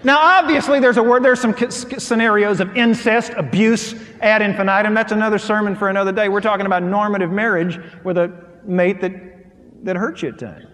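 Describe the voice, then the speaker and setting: A middle-aged man preaching a humorous sermon, acting out his stories in an animated, folksy way. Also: sits high, fairly quick. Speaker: pastor. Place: large hall with audience. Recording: hall reverb with faint ambience.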